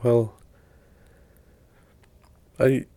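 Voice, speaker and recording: A middle-aged man from Montana tells personal stories in a casual, rambling, folksy way, full of fillers and restarts. He draws out his words in a warm tone, and the recording sounds dry.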